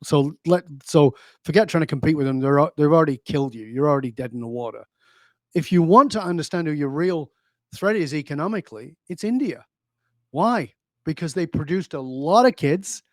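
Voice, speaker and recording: A man's voice: a little high, expressive, fairly quick, no room sound. Emphatic man telling stories, dry sound. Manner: emphatic storyteller, rhetorical questions. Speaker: guest, leadership speaker. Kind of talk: conversational interview.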